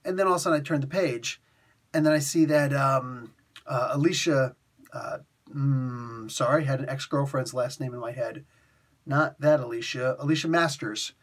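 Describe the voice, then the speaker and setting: A man's voice: medium pitch, moderate pace. A man hosting a casual comic book review, talking in a rambling, chatty way full of fillers and restarts.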